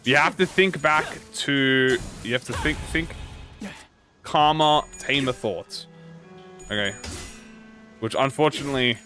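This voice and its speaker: A man giving casual gameplay commentary, excitable and joking, swearing freely. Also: medium pitch, a little slow, pauses often, soft background music. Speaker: gaming YouTuber.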